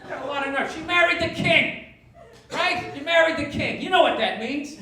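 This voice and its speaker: A man doing a stand-up comedy set, ranting and profane, swinging from low grumbles to shouted outrage. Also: normal speed. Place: comedy club stage with audience laughter. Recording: echoey live stage recording from a distance, loud noise.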